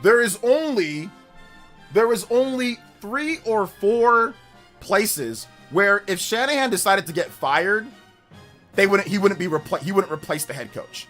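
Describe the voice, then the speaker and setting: A man's voice: high voice, lively intonation, measured pace, fairly bright tone, faint music behind. A male streamer talking casually on a live stream, arguing emphatically with his chat. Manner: emphatic, argumentative, talks back to chat.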